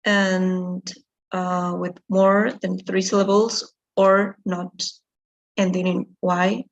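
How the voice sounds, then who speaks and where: A woman's voice: lowish voice, little pitch movement, vocal fry, muffled recording, a little hiss or hum. A woman student in an English lesson, reading grammar rules and example words aloud one at a time. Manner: reads word lists slowly, one word at a time.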